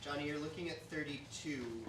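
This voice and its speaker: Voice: mid-range voice, normal speed. A host narrating a children's story at a live theatre event, playful and hamming up the spooky parts. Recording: echoey room, distant mic, noisy.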